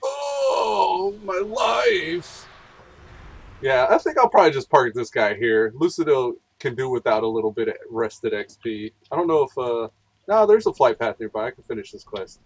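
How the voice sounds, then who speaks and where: Husky chatty gaming streamer man. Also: medium pitch, big pitch swings, brisk, no room sound, rough recording. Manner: rambling, chatty, thinking aloud. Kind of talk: casual gameplay commentary.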